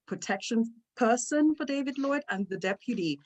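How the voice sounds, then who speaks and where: A woman's voice: on the high side, animated, moderate pace. A middle-aged woman, a guest speaker on an online talk, earnestly telling a personal story and repeating words when it gets emotional. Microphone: video call microphone.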